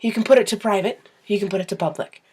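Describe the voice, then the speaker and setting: A young woman vlogging to camera, telling rambling, self-deprecating stories about her own quirks in a casual, animated way. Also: mid-range voice, quick pace, a little hiss or hum.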